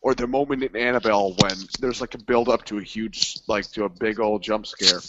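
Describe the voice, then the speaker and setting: A man in casual movie chat, crude and joking, acting out scenes in quick voices. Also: fairly low pitch, fairly even intonation, very noisy. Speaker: co-host. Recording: dull lo-fi recording.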